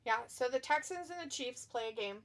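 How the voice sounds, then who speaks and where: A woman's voice: sits high, lively intonation, brisk. A woman hosting a live wrestling watch-along, chatty and giggly, reading chat messages aloud. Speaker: stream host. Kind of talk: casual watch-along commentary.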